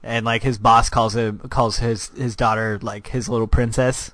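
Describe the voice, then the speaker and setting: A man's voice: medium pitch, flat delivery, normal speed, fairly bright tone, no echo. A young man steers a loose gaming chat, cracking jokes and swearing as he goes. His voice sits in a middle register and the sound is dry, with no room around it. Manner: joking, swears freely, says "like" a lot. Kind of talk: casual chat.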